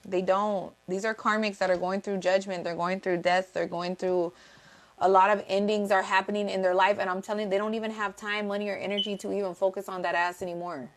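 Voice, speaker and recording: A tarot reader with a mid-range voice delivers her reading flatly and a little fast. Casual, blunt and profane, she repeats herself for emphasis and calls out greetings to viewers in the live chat.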